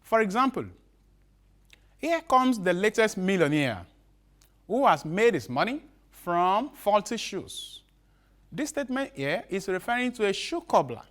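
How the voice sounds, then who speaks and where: A male teacher giving a broadcast literature lesson, repeating each definition slowly with halting restarts. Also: high-pitched, very animated, a bit bright.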